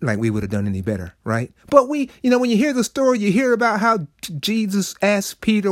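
High-voiced man preaching folksy Bible talk. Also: sing-song, a little fast, hardly any pauses, no room sound, studio quality. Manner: folksy, conversational preaching with dramatic quoted voices. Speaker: preacher and show host. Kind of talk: short inspirational Bible talk.

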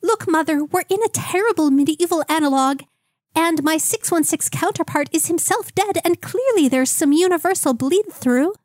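A woman's voice: very high-pitched, animated, normal speed, darkish tone, dry recording, clean studio sound, voice pushed up. A woman lightly voicing a brooding young peasant man with mock-dramatic gloom. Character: mopey young peasant man with dark humor.

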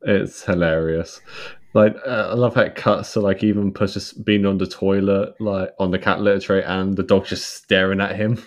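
A man with a low voice retells film scenes in a relaxed podcast chat. He laughs often and pitches up when he quotes the characters. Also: normal speed. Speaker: podcast co-host. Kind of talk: casual film review chat.

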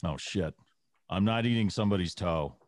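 A man's voice: low voice, normal speed, a little hiss or hum. A man co-hosting a casual podcast, rambling and laid-back with lots of uhs. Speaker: podcast co-host. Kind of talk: casual chat over beers.

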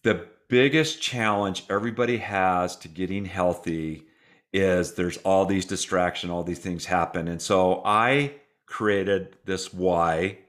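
A man's voice: deep voice, takes it slowly, fairly bright tone. A middle-aged man who is a guest author, telling his story in an interview in an earnest, heartfelt way. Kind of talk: interview conversation.

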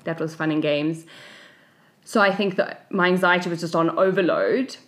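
A South African woman in her thirties with a slightly low voice. She co-hosts a casual podcast and tells personal stories with lively animation, briefly taking on the voices of the people in them. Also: moderate pace. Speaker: podcast co-host. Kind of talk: casual storytelling chat.

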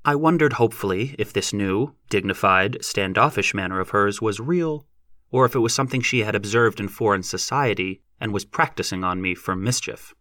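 A man narrating a novel as an audiobook in a measured, even reading. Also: on the low side, dry recording, studio quality.

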